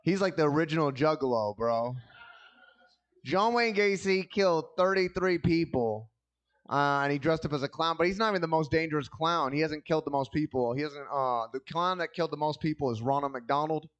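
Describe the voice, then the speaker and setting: A man's voice: fairly high pitch, fairly quick, highs cut off. A man doing a stand-up comedy set on a club stage, telling loose, rambling stories full of crude jokes into a handheld mic.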